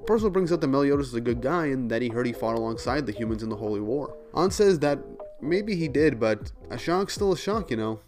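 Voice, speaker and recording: Here's a man running through a comic chapter in a loose, chatty way, full of "like" and quick laughs. His voice sits at a middling pitch. Faint music plays underneath. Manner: chatty, many "like" fillers, laughs often. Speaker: manga reviewer. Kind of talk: casual chapter recap and commentary.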